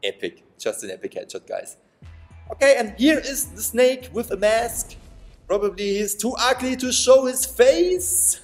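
A man giving playful, excitable commentary over a game, taunting his opponents and laughing often. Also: very high voice, measured pace, faint music behind. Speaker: gaming commentator. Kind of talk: excitable let's-play commentary.

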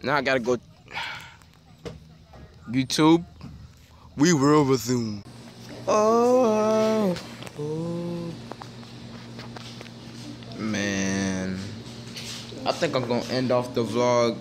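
A man's voice: mid-range voice, takes it slowly, pauses often, slight background noise. Playful young vlogger man. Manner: playful, teasing banter. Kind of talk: casual vlog chat. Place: in a car. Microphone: handheld phone.

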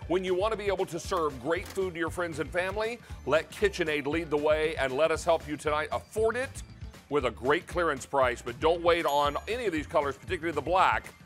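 Man, TV shopping host, upbeat sales pitch, slightly high voice, faint music underneath. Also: brisk, a bit bright. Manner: upbeat, persuasive, counting down prices and stock. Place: TV studio kitchen set.

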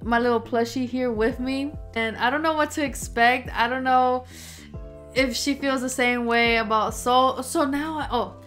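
A young woman reacting to a show on camera, her voice pitched a little high. She gets excitable and emotional and drops slang as she talks, with music from the show playing behind her. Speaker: reaction video host. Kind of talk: casual reaction commentary.

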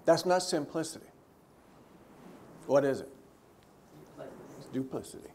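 A man, a theologian, teaching a church group in a conversational way, lifting his voice for emphasis and dropping to quiet, low asides. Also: expressive, unhurried, slight background noise. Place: church gathering.

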